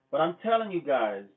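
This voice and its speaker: A man hosting his own channel, talking in a blunt, profane, repetitive vlog rant. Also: a little high. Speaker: channel host. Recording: phone-like lo-fi sound.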